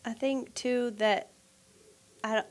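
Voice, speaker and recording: A woman's voice: a little high, steady tone, takes it slowly. A woman speaking as a podcast guest, candid and self-deprecating about her own fitness. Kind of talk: casual podcast chat.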